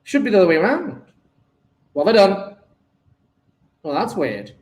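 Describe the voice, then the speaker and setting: Male tutor, high and lively, muttering through problems in an echoey room. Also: moderate pace. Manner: thinks aloud, talks to himself while working sums. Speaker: chemistry tutor. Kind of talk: exam paper walkthrough.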